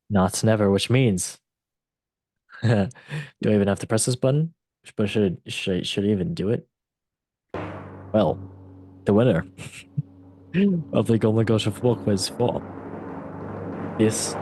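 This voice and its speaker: A man hosting a football podcast quiz, joking and mock-dramatic in a casual chat. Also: fairly low pitch. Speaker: podcast host running a quiz.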